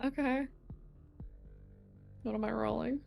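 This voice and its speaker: A woman playing a tabletop game, talking casually and planning her moves out loud. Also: fairly high pitch, fairly even intonation, takes it slowly, gravelly. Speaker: player. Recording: faint music behind.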